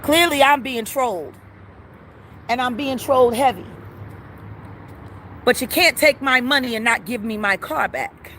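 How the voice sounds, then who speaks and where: A woman's voice: fairly high pitch, expressive, measured pace, pauses often, sharp tone, slight background noise. A woman filming herself on a phone outdoors at a service window, complaining in an agitated, profane rant. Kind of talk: ranting self-filmed phone video. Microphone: phone camera.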